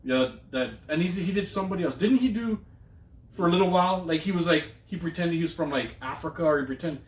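Casting: man, podcast co-host, loose, profane and riffing, fairly high voice, echoey room. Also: fast talker, distant mic. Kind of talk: casual chat. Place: room streamed live.

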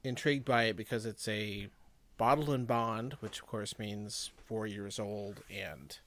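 A man's voice: lowish voice, unhurried, fairly bright tone. A man chats loosely as a podcast co-host. He rambles and often stops to restart his sentences. His tone is easygoing and conversational. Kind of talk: casual chat.

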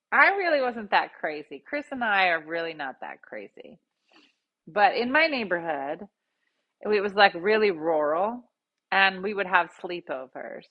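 A woman host casually telling a funny story, jumping into loud quoted voices. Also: mid-range voice, muffled recording. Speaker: podcast host.

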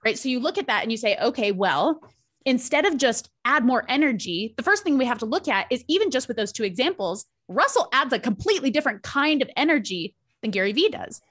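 A woman's voice: fairly high pitch, big pitch swings, a little fast, a bit bright, husky. A woman business coach explaining her ideas as a podcast guest, fluent and methodical, often checking in with "right?". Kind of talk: conversational explaining.

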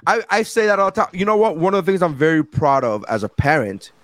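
A man's voice: on the high side, fast, no room sound. A man co-hosting a comedy podcast, telling a story in casual chat and acting out what people said. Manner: animated storytelling with acted-out quotes. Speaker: podcast co-host; comedian and parent.

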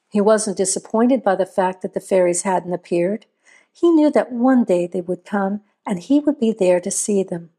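A woman reading a scripted horror story aloud in a measured, steady storytelling voice. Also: mid-range voice. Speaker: narrator.

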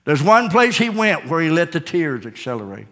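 A man preaching a sermon, calling out to the congregation and building to shouted peaks. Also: on the high side, very animated, moderate pace, in a large hall. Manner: preaching with call-outs, building to shouted climaxes.

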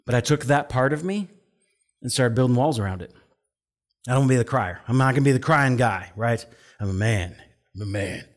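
A middle-aged man preaches a conversational sermon at a mid-range pitch. He tells stories with chatty asides, jumps his voice up when quoting an outburst, then drops soft and low to press a serious point. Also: animated, fairly quick. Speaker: pastor.

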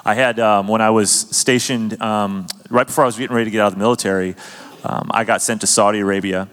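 A man's voice: fairly low pitch, steady tone, fast talker, a bit bright, big-room sound. Earnest man telling a faith story. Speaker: host. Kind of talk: casual faith testimony.

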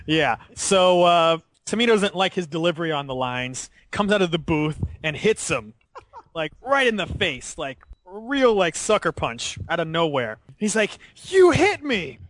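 Upbeat higher-voiced male podcast host. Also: normal speed. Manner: animated, laughs often while retelling. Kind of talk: casual podcast discussion.

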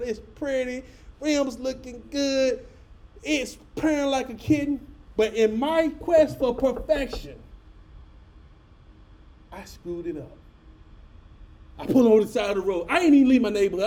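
Middle-aged preacher, high mellow voice, animated folksy storytelling, talks straight to the congregation. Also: male voice. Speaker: pastor. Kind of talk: storytelling sermon.

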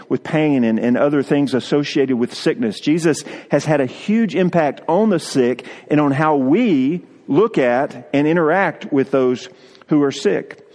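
Male pastor, sermon delivery, slightly high voice, earnest, long hall reverb. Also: darkish tone. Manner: earnest, with frequent repeated words.

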